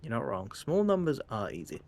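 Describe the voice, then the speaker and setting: This English streamer talks over his game in a fairly quick, sing-song voice of medium pitch that sounds creaky and a little mellow. His remarks are wry and playful, sometimes slipping into mock-posh phrasing.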